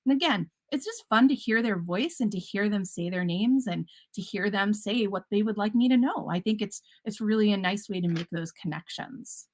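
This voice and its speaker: A woman's voice: mid-range voice, lively intonation, moderate pace, few pauses. Upbeat woman teacher giving a talk. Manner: upbeat, enthusiastic, a bit punny; casual fillers and self-corrections. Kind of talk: conference presentation.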